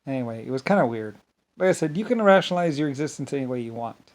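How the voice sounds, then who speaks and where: Man of ordinary pitch, solo unscripted monologue; grandiose, wandering, circles back on himself. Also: animated, quick pace. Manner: grandiose, meandering, repeats himself. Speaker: solo speaker.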